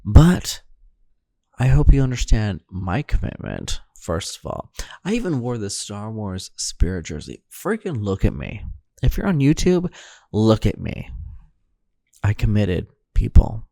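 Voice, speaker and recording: Male podcast host, groggy late-night delivery, slow and gravelly, dark tone. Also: lowish voice, no echo, studio quality. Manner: groggy, deadpan, rambling. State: sleepy early morning. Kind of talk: solo intro monologue.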